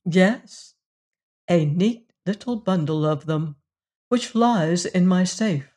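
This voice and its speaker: A narrator voicing a shrewd, sharp-tongued woman who answers crisply and with scorn. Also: fairly low pitch, slow. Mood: cool. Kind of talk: audiobook character reading.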